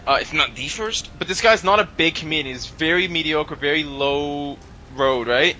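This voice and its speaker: A man chatting casually as co-commentator on a video game playthrough, rambling through stories and quick to exclaim. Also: a little high, pushed and bright, slight background noise, poor audio. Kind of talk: casual gameplay banter.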